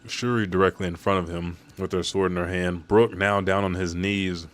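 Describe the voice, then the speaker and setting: Deep-voiced man, profane casual recap. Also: fairly even intonation, normal speed. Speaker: manga chapter recap host.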